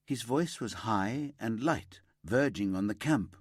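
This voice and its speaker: A man narrating a crime thriller audiobook in a steady, lively storytelling manner on a close mic. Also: on the low side, takes it slowly, hardly any pauses, slightly rough, dry recording.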